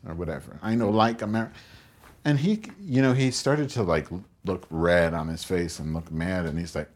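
A man's voice: deep voice, animated, moderate pace, a little mellow. A man hosting his own show, rambling through crude comic stories and acting out both sides of conversations. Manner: crude, rambling, acts out quotes in raised voice. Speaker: podcast host.

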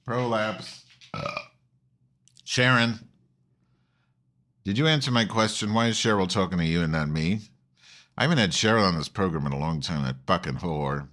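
A male host talks loosely to his online audience, swearing freely and veering between topics. His voice sits very low, and he restarts his sentences often in a campy, offhand manner. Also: animated, fairly quick, pauses often, fairly bright tone. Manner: profane, campy, rambling with many restarts. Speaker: host of an online call-in show. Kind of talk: casual rambling monologue.

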